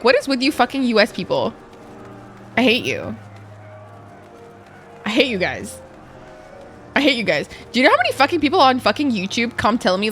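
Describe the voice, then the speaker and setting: Excitable swearing woman streamer, lively pitch. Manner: excitable, swears a lot, squeals. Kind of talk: casual live-stream chat. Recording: faint music behind.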